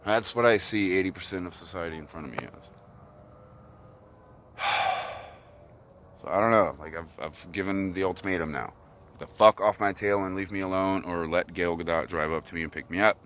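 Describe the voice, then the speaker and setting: A man's voice: low-pitched, normal speed, long pauses, fairly bright tone, slight background noise. A man delivering an agitated, profane solo rant outdoors on a hilltop. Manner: ranting, profane, agitated monologue.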